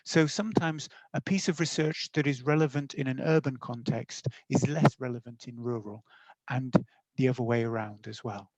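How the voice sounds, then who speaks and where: Middle-aged male teacher educator, gravelly tone, dry close sound, friendly webinar presenter. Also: mid-range voice, moderate pace, darkish tone, dry recording, poor audio. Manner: friendly, explanatory, with fillers and self-corrections.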